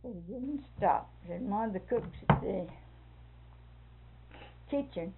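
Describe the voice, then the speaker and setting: A woman's voice: medium pitch, lively intonation, takes it slowly, vocal fry, pauses often, slight background noise. An older woman, telling a folksy family story in a casual way and laughing as she goes. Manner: laughs through her story, folksy dialect. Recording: tinny phone-like recording.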